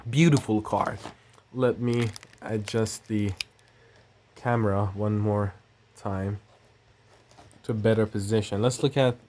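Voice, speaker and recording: Male vlogger, fairly low voice, loose chatty unboxing talk with fillers. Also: darkish tone. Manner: chatty, rambling, thinking aloud with fillers. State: coughing now and then. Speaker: tech channel host. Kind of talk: casual unboxing narration.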